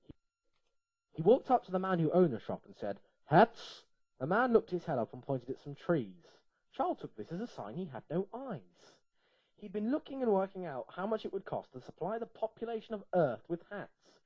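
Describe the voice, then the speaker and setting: Male reader for an absurd comic story, playful and lively, animated pitch, dull lo-fi recording. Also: normal speed, no echo.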